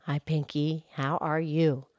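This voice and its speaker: A woman voicing a gentle, patient cow who cohosts a children's podcast. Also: low-pitched, flat delivery, slow pace, dry recording, dull audio. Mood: calm. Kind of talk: kids' podcast character play.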